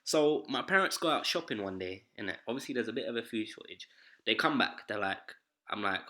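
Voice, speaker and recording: A young man hosts a laid-back podcast, recounting school and family stories in an animated, slangy way and laughing often. His voice is fairly low and moves a little fast.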